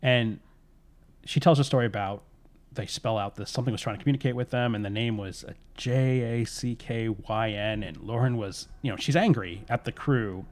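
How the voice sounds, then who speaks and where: A man casually retelling a spooky story, slipping into the characters' lines as he goes. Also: mid-range voice. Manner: relaxed, voices characters' lines in quick asides.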